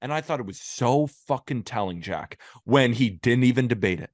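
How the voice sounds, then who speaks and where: Podcast cohost guy, heated and ranty, really lively pitch, dry close sound. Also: normal speed, dry recording. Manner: heated, emphatic ranting, building up. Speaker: co-host. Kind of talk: casual sports podcast chat.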